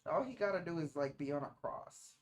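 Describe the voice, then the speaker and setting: A woman with a somewhat low voice chats casually over a movie stream. She teases her viewers playfully and picks apart small details on screen, talking into a streaming mic. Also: animated, fairly quick. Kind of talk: casual movie-watching reaction commentary.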